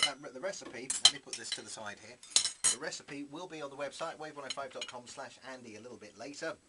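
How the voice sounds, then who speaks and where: A man hosting a radio programme from the studio, talking quickly and eagerly, stumbling over fillers as he goes. His voice sits at an ordinary middle pitch. A clear hiss of noise runs under the recording. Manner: chatty and enthusiastic, full of uh fillers. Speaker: radio show host. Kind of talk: casual studio chat. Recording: noisy broadcast recording.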